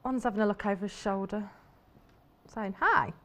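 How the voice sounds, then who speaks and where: A woman hosting a live shopping-channel demonstration, talking in a chatty, enthusiastic, rambling way. Her voice sits in an ordinary middle pitch for a woman, and she is a studio presenter. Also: steady tone, normal speed, darkish tone.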